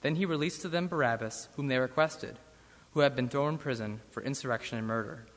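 A man reading a Bible passage aloud in church with a measured, solemn delivery. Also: mid-range voice. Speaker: scripture reader. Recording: long church reverb.

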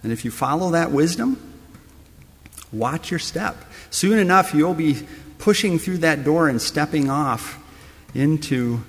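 A man's voice: fairly high pitch, expressive, a little slow, big-room sound. A man preaching a sermon, telling a story that speaks straight to the listener as you. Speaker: pastor.

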